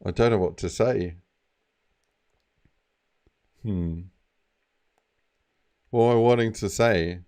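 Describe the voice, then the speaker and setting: A man's voice: lowish voice, slow pace, pauses often, a little mellow. A young man who streams game mod development, chatting casually and rambling with lots of fillers. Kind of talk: casual live-stream chat.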